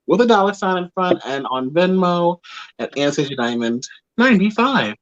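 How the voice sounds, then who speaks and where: A man in drag as a co-host, chatting casually and laughing as he introduces his look on a live stream. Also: sits high. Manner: slow, relaxed, laughing introduction. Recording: dull lo-fi stream audio.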